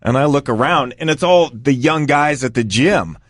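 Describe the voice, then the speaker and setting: A man tells a casual story in a middle-pitched voice. He is animated and acts out the people in the story as he goes. The recording is close and dry, with no room echo. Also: moderate pace. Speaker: guest storyteller.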